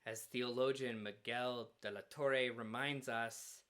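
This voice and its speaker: A male minister giving a sermon at a church, earnest and measured, with dramatic pauses. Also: mid-range voice, fairly even intonation, fairly bright tone. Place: church sanctuary.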